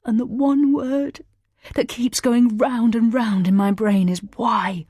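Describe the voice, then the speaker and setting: A woman's voice: lowish voice, normal speed, darkish tone, husky, dry recording, studio quality. A woman reading a young man's lines, bitter, accusing and tearful. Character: young man, desperate, furious and grieving.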